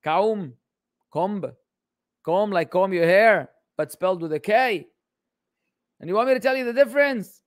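A man's voice: sits high, normal speed, smooth, dry recording, clean studio sound. A man teaching Islamic studies in a casual livestream Q&A, joking and exasperated as he answers questions.

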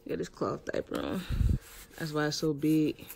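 A man, a parent, chatting casually in a home family vlog and talking gently to his baby, loose and relaxed with lots of filler words. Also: a little high, normal speed, gravelly, a little hiss or hum.

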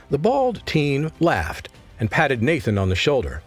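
A man narrating an audiobook as scripted narration, in an expressive storytelling manner. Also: mid-range voice, unhurried, few pauses, breathy edge, faint music behind.

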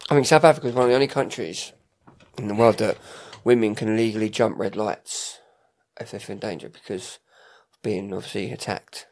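A man's voice: lowish voice, fairly even intonation, brisk, a little mellow. A man co-hosting a podcast in casual chat, a bit hesitant and unsure. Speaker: podcast co-host.

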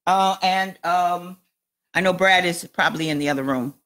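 A woman pastor gives sermon teaching to a small audience in a church or teaching room, speaking conversationally. She laughs often and keeps checking in with "you understand what I'm saying?" Her voice is on the low side and a bit bright, at a moderate pace.

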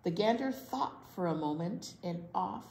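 A woman librarian reading a picture book aloud at a children's storytime, pausing to ask the children questions. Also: lowish voice, lively intonation, darkish tone, reverberant.

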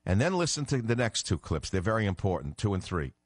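A man's voice: lowish voice, big pitch swings, fast, no echo. An older man hosting a political talk radio show, speaking in an emphatic, indignant way.

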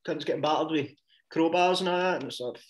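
A man's voice: fairly high pitch, quick pace, reverberant, a little hiss or hum. A Scottish man in casual chat, laid-back and joking, swearing freely.

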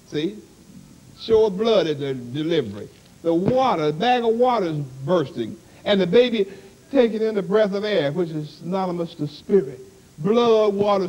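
Lively high-voiced male preacher. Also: husky, low-quality recording. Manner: repeats "see?" and "you understand?" constantly. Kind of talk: sermon.

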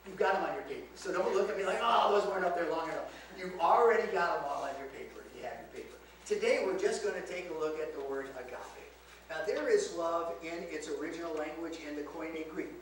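A man preaching a teaching sermon to a congregation, asking them rhetorical questions as he explains scripture. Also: high-pitched. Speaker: pastor teaching a Bible lesson. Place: church sanctuary. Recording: very echoey church, mic far off, faint hiss.

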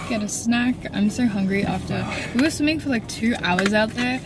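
A woman with a nasal voice from a cold, chatting upbeat and excited as a travel vlogger. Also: medium pitch, fairly quick, hardly any pauses, over loud music. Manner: bubbly, upbeat, lots of "like" and "so excited". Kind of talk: casual travel vlog chat.

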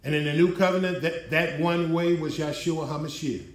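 A male pastor preaching an emphatic sermon, his voice rising in pitch as he drives points home to a responding congregation. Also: normal speed. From United States. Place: church hall. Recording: echoey hall from far off.

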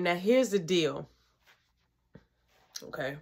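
A woman's voice: high voice, animated, unhurried, long pauses, sharp tone. A woman telling a personal story in casual, slangy, profane speech.

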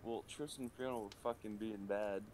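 A man's voice: on the low side, fairly even intonation, brisk, a little mellow, a little hiss or hum. A man streaming live, telling a heated, profanity-filled story in casual chat at his desk microphone. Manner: profane, heated ranting anecdote.

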